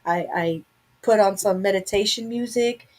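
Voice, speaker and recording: A woman's voice: mid-range voice, moderate pace, darkish tone, poor audio. Candid woman chatting on a home livestream. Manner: candid, rambling, talks to herself. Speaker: live stream host. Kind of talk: casual chat to viewers.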